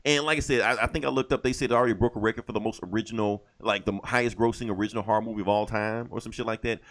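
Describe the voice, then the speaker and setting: A man's voice: fairly low pitch, steady tone, racing, fairly bright tone. A man co-hosting a podcast in casual chat, emphatic, swearing freely and laughing. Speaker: podcast co-host.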